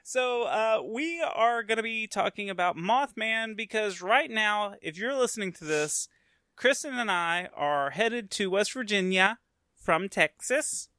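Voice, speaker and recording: Male podcast host, bright crisp tone, dry close mic, loose and laughing. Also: high-pitched, animated, measured pace, dry recording. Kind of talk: casual podcast chat.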